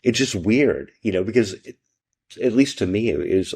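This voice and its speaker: A man's voice: fairly low pitch, expressive, moderate pace, vocal fry, a little mellow, breathy edge. A male podcast host in casual chat, rambling, swearing a lot and often tagging his lines with "right?".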